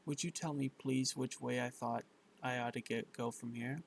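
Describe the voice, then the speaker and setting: A man's voice: medium pitch, steady tone, moderate pace, vocal fry, a little hiss or hum, lightly acted, poor audio. A man reading the part of a curious, polite young girl in a bedtime story, stumbling over words and correcting himself. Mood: polite puzzlement.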